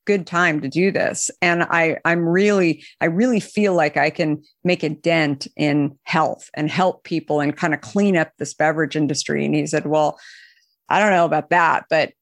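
A woman founder being interviewed, who tells long anecdotes full of fillers and restarts and raises her pitch when she quotes other people. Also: fairly even intonation, normal speed, no room sound, studio quality. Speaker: company founder, guest. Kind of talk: interview storytelling.

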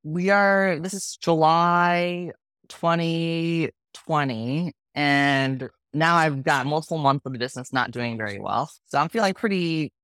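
A woman's voice: low-pitched, unhurried, smooth, no room sound, studio quality. A woman startup founder telling her story in an interview, candid and emotional. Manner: frank, emotional, lively retelling.

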